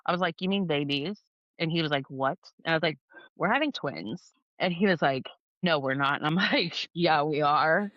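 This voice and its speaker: This podcast guest, a woman in her thirties, sounds animated as she casually relates her story, performing the dialogue and peppering it with "like." She speaks in a low voice at a moderate pace. There's no echo, though the audio is dull.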